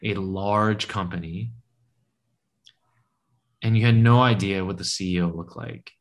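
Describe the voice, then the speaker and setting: A man with a fairly low voice chats casually as a co-host. He tells rambling stories and acts out each quoted voice, with big jumps up in pitch. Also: a little slow. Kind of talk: casual chat.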